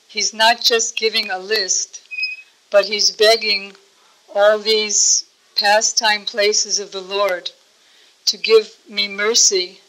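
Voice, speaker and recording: A woman religious teacher giving a devotional storytelling talk, gentle and explanatory. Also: mid-range voice, poor audio.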